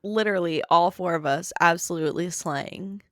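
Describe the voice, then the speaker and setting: A woman's voice: lowish voice, moderate pace, a bit bright, no room sound, clean studio sound. A woman co-hosting a podcast in casual chat, upbeat and encouraging. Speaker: podcast co-host.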